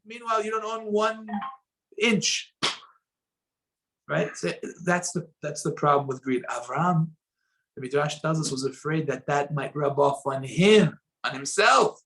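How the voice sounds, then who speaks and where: Man, Torah lesson, animated storyteller, slightly high voice. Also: normal speed, rough recording. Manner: animated, acts out quoted voices with sharp rises and drops in loudness. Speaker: rabbi teaching a Torah lesson.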